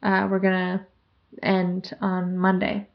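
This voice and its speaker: A woman co-hosting a podcast in casual chat, upbeat and chatty, with vocal fry. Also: mid-range voice, monotone, slow pace, highs cut off. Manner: chatty and upbeat, laughs often. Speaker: podcast co-host.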